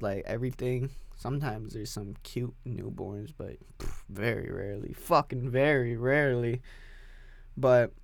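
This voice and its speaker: A man holds forth alone on his podcast, rambling from one thought to the next with no script. His voice sits in an ordinary middle range, and he curses freely and bursts out loudly now and then. The sound is dry, with no room echo. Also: medium pitch, vocal fry. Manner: crude, profane, rambling, with loud sudden outbursts. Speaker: podcast host. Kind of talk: unscripted solo podcast rant.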